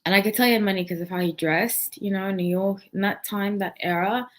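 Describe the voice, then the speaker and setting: A woman's voice: medium pitch, steady tone, brisk. A woman in her thirties, a channel host, telling a meandering story casually to her viewers. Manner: meandering, chatty, digressive.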